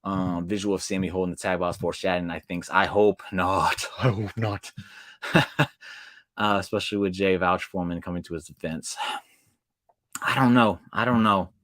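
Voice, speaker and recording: A man hosting a casual wrestling recap, talking excitedly in slang and acting out quotes with sudden jumps in pitch. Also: a little fast, pauses often, dry recording, studio quality.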